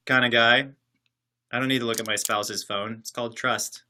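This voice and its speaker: A man talks casually on a livestream, reading out viewer comments and answering each one with dry, joking sarcasm. His voice is strikingly bright and sharp, sitting at an ordinary middle pitch for a man. He rambles loosely from one comment to the next. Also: level tone, measured pace, clean tone. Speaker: livestream host reading chat. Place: separate building, alone.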